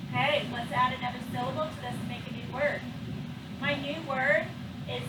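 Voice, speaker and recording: A woman's voice: high-pitched, fairly even intonation, heavy background noise. A woman teaching a classroom phonics lesson, patiently drawing out the sounds of each word. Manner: patient, drawn-out sounding of words. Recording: echoey classroom from far off.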